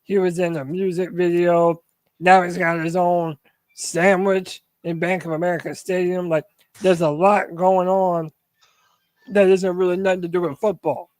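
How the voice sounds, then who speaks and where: Animated high-voiced man, sports podcast co-host. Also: moderate pace, no room sound. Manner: animated, asks the panel questions. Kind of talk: casual sports talk.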